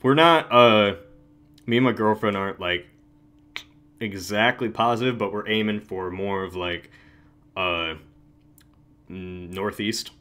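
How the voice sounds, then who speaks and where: Young guy w a bright low-ish voice, rambly livestream chat, keeps restarting sentences. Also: a little slow, long pauses. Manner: rambling, self-interrupting, laughs often. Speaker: channel host.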